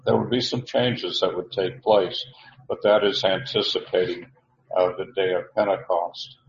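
A man teaching a Bible study, reading verses aloud and explaining them in a halting way, full of fillers and restarts. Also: sits low, fairly even intonation, gravelly, a little hiss or hum. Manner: reads verses aloud, then explains the Greek words. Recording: roomy, dull lo-fi recording.

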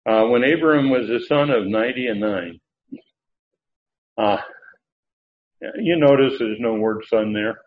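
A man teaching through Bible verses word by word, pausing often with filler sounds as he explains. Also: mid-range voice. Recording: dull lo-fi recording with faint background noise.

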